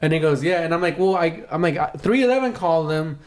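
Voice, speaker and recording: A young man with a fairly high voice tells a rambling story on a podcast. He swears freely and slips into quick impressions of the people he met. The talk is loose and casual. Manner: animated storyteller, swears often, acts out quoted voices. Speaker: podcast co-host.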